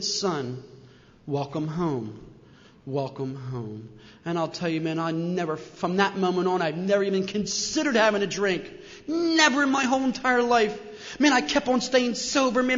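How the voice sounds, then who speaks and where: An animated New Jersey man with a high-sitting voice shares his recovery story with an audience in a large meeting hall. He says "man" constantly and keeps repeating "and," and the recording is muffled and reverberant.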